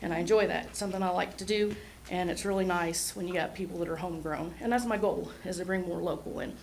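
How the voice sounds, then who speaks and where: A woman's voice: fairly low pitch, quick pace, creaky, slight background noise, low-quality recording. A woman, an ambulance service administrator speaking earnestly and a little nervously at a city meeting. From Oklahoma. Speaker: EMS administrator. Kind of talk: public remarks at a city meeting. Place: city hall meeting room.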